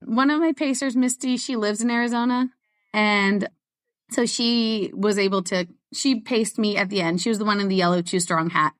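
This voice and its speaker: A woman's voice: mid-range voice, steady tone, moderate pace. A woman who is a guest on an interview show, telling stories in a chatty way and laughing often. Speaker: guest ultrarunner. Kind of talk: casual interview chat.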